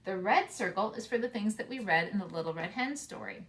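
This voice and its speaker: A woman's voice: mid-range voice, animated, fairly bright tone, slight background noise. Woman teacher reading aloud to preschoolers. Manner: slow, sing-song read-aloud with playful voices for the animals. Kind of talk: storybook read-aloud for children.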